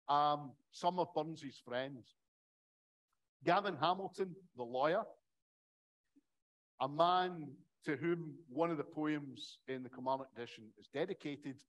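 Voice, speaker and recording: A man's voice: fairly high pitch, rough recording. A middle-aged man giving a public academic lecture in a conversational way, with wry asides.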